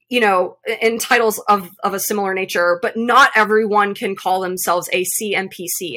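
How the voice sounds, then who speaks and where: A young woman speaks in an earnest podcast monologue, her voice bright and clear. She fills pauses with ums and restarts her sentences, and she sounds emotional, as if close to tears. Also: medium pitch. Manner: earnest, many fillers and restarts. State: emotional, voice catching. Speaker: podcast host, mental performance consultant.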